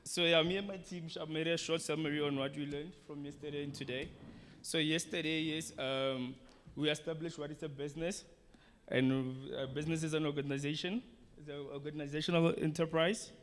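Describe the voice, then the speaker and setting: A man's voice: a little high, steady tone, fairly quick. A man gives a hesitant summary of a training day to a group, with many ums. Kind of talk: workshop presentation. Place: training room. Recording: echoey room with faint noise.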